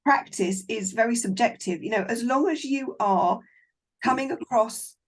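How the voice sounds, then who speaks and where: A woman's voice: fairly high pitch, normal speed. A woman filmmaker, a guest in a casual interview, talking in a frank, encouraging and emphatic way over a video call.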